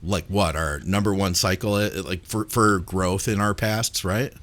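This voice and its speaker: A man's voice: sits low, steady tone, a little slow, a bit bright. A man co-hosting a podcast in casual chat, joking and steering the topics. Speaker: podcast co-host.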